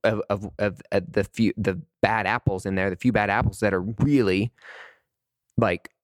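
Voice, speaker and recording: Podcast host, male, fairly low voice, heated and rambling monologue, dry sound. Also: steady tone, normal speed, dry recording. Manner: impassioned, rambling, many restarts and "like"s.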